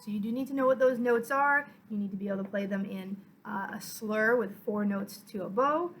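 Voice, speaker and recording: A woman violin teacher giving a patient, step-by-step lesson, counting beats aloud and filling pauses with "uh" and "um". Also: mid-range voice, faint music behind, rough recording. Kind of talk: online music lesson.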